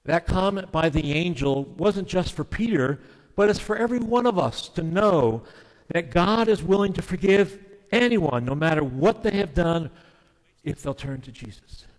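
A male preacher delivers an earnest, emphatic sermon in a fairly high voice, now and then dropping to a hushed tone. His words carry a long reverb, as in a large hall. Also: expressive, moderate pace. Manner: earnest and emphatic, with sudden soft drops. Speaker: pastor.

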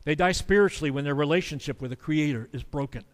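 A man's voice: on the high side, quick pace, long reverb tail. A man preaching a sermon in an earnest, conversational way, now and then acting out the quotes he discusses. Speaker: pastor.

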